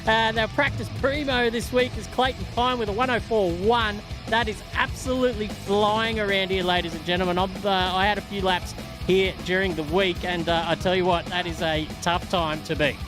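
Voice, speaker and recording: A man's voice: high voice, steady tone, normal speed. A man commentating a sim race, upbeat and rattling through track details. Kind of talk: play-by-play commentary. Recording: music playing underneath. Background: background music.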